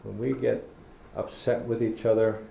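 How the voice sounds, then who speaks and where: A middle-aged man gives a folksy storytelling lecture, his voice gravelly and mellow. He speaks in a roomy lecture hall, and a faint hiss sits under the recording. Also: fairly low pitch, flat delivery, moderate pace. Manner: storytelling, folksy, acts out talking to kids. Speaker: public lecturer. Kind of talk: public talk.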